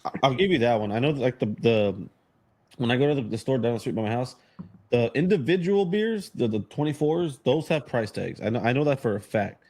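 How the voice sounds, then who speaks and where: Gravelly, husky laid-back man. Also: medium pitch, animated, a little fast, darkish tone. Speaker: podcast co-host. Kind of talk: casual chat.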